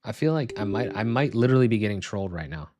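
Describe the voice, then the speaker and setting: Low-voiced man muttering through frustration. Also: animated, fast talker, dark tone. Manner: frustrated muttering, frequent swearing. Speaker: streamer setting up software live. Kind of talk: live stream, talking to himself and viewers.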